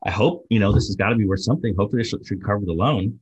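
A man's voice: lowish voice, racing, breathy edge. A man voicing a polite male frog asking for a bank loan, in an earnest, courteous way with hesitant fillers, as part of a spoken joke.

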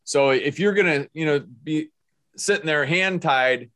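A man's voice: on the high side, a little slow, fairly bright tone, dry recording. An older man hosting a podcast, upbeat and motivational, fond of wordplay. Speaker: podcast host. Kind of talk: casual podcast interview.

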